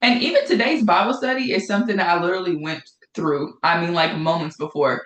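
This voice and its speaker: A woman's voice: on the low side, a little fast, a bit bright. Give me a woman teaching a casual Bible study, conversational and repetitive, in an echoey room. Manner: conversational, repeats phrases for emphasis.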